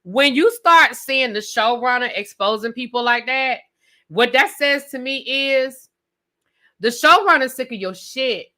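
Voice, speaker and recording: A little slow in pace, this live review stream host has a bright, forceful voice pitched a bit high. She's sassy, ranting directly to her chat with "y'all" and "baby," repeating questions for emphasis in an animated, loose, conversational way.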